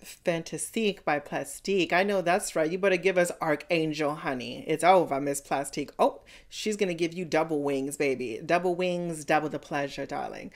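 A woman hosts a casual reaction video, speaking straight to the contestants with sassy pet names like "honey" and "baby" while giving blunt critiques. Her voice is low-pitched, and she talks at normal speed with hardly any pauses.

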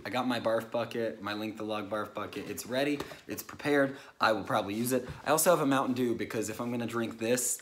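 Young dude talking to camera, jumpy and overdramatic, rambles when scared. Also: male voice, on the low side, quick pace, hardly any pauses, a bit bright. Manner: jittery and overdramatic, nervous rambling. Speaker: YouTuber. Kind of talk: casual vlog to camera.

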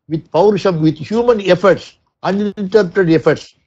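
Giving a spiritual discourse as a satsang speaker, a man with an Indian English accent chants Sanskrit verses and explains them in English, repeating himself and restarting sentences often. He has a high-pitched, dark, breathy voice at normal speed, recorded dry and lo-fi with no echo.

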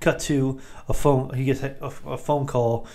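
A man hosting a podcast, giving a rambling, jokey recap of a movie with quick asides. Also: mid-range voice, level tone, a little mellow, soft background music. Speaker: podcast host.

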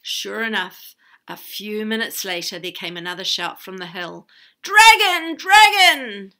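A woman reading a children's story aloud, expressive, with chatty asides to her listeners. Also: on the low side, normal speed, gravelly.

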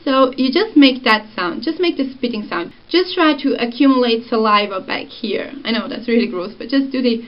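A woman's voice: a little high, expressive, normal speed, few pauses, lo-fi sound. A young woman, casually explaining pronunciation in a vlog lesson. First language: Swiss German. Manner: easygoing, explains with examples. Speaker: vlogger.

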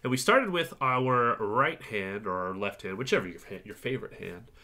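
A man teaching a virtual music lesson to young children, cheerfully guiding them through warm-ups and counting along. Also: medium pitch, animated, moderate pace.

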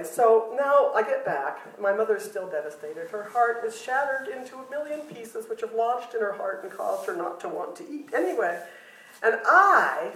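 A woman's voice: a little high, a bit bright. Older woman telling funny stories, roomy. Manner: self-deprecating, humorous, laughs often. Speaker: retreat speaker. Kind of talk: personal storytelling talk. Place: retreat meeting room. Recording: roomy hall, mic far off.

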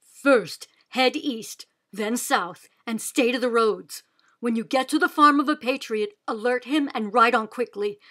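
Lady reader doing the dad giving careful directions, slow and earnest, a bit high. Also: fairly bright tone. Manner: earnest instructing. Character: steady caring father sending off his daughter.

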